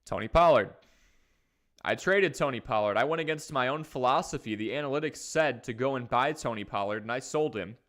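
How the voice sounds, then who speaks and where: A man hosting a live fantasy football stream, talking casually and energetically while he reads from the chat. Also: mid-range voice. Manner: energetic, conversational, talks fast in bursts. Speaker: fantasy football livestream host.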